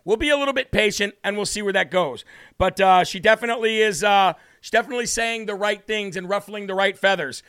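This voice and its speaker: A man's voice: sits high, quick pace, fairly bright tone, clean tone. A man hosting a political commentary show, combative and mocking, with emphatic delivery. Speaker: host.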